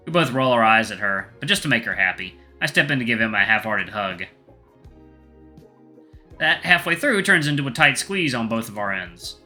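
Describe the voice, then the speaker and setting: Man softly narrating a visual novel. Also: fairly low pitch, animated, brisk, soft background music. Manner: soft first-person narration, crude asides. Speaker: gaming channel host. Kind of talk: reading a visual novel aloud with commentary.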